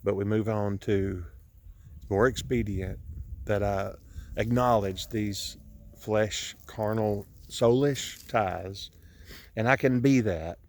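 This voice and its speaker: A man's voice: on the low side, a little mellow. A grieving man films himself outdoors on his property, talking in an earnest, preachy way that halts and restarts often. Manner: halting, with many restarts. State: grieving, emotional. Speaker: vlogger sharing a personal message. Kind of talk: emotional preachy monologue. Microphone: camera he films himself with.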